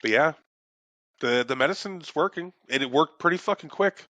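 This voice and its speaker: Bright-voiced man rambling casually. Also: a little high, animated, moderate pace, dry recording, dull audio. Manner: rambling, swears freely, restarts sentences. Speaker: podcast co-host. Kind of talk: casual chat.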